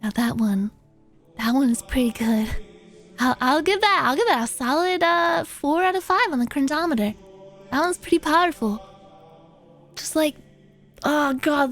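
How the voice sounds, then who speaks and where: A woman streamer reading viewer submissions aloud in a casual, playful and animated way, swearing casually. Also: high voice, normal speed, long pauses, soft background music.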